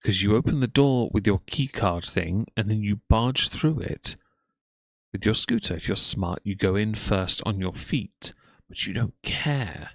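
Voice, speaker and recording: Man with a gravelly, sarcastic voice. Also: on the low side, expressive, a little slow, dry recording. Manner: sarcastic, scornful, blunt. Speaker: commentary YouTuber. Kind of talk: mocking reaction commentary.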